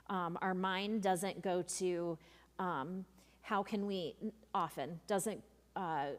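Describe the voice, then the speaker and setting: A woman youth leader giving a workshop talk, chatty and full of ums and asides as she tells stories. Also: mid-range voice. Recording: long reverb of a large room.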